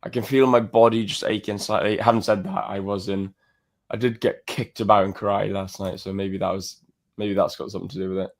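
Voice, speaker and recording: A man's voice: on the low side, flat delivery, a little fast. A man co-hosting a casual live stream, rambling and laughing, feeling a little under the weather. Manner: rambling, laughs often, restarts. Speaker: co-host.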